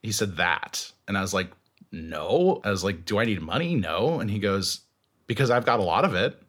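A man's voice: fairly low pitch, moderate pace. A man guest in a casual interview, telling stories animatedly, laughing and acting out what people said. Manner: animated, laughing, acts out quotes.

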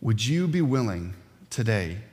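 A man preaching a sermon as a pastor, earnest and emphatic, with dramatic pauses. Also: lowish voice, very animated, darkish tone. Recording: long hall reverb.

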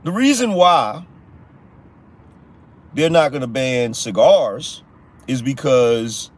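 A man hosting a live political commentary show, talking in a slangy, repetitive style and teasing his audience. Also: mid-range voice. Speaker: podcast host.

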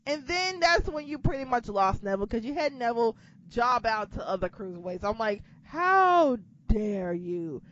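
A woman in casual chat who rants with lots of swearing and animated outbursts. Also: a little high, a little fast, few pauses. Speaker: co-host discussing wrestling. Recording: dull lo-fi recording with faint noise.

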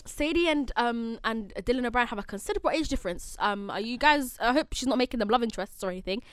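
A woman in her twenties co-hosting a podcast, chatty and gossipy in a soft-spoken way. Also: on the high side, animated, quick pace, clean tone, no room sound, studio quality. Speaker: podcast co-host. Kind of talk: casual chat.

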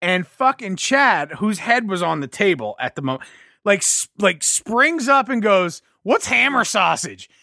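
A podcast co-host tells rambling stories in a casual chat. The voice is bright and clear. The sound is dry, from a close mic. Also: medium pitch, very animated, unhurried, no room sound. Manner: rambling storyteller, laughs through anecdotes.

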